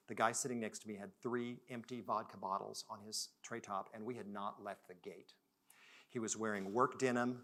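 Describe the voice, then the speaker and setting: A man speaks at a corporate summit in a mid-range voice, telling personal stories in a relaxed, conversational way. He drops to near-quiet for reflective moments, then rises loudly for emphasis. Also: mid-range voice. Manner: conversational, dramatic swings between soft and loud. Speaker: conference speaker. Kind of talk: storytelling keynote talk. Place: virtual summit talk.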